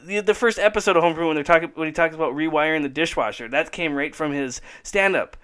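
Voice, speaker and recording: Chatty man with a smooth voice. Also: on the high side, racing, fairly bright tone. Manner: rambling, enthusiastic, laughs often. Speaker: podcast host. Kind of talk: casual chat.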